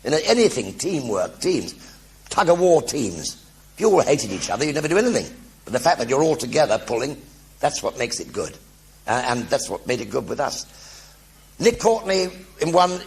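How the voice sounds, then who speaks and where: An older British man spins comic stories from a theatre stage, his voice gravelly and rough at the edges. He is a lively raconteur who slips into other people's voices and throws in sound effects as he goes. His pitch sits in an everyday middle range. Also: normal speed. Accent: British English. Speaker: actor telling stage anecdotes. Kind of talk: one-man stage show storytelling.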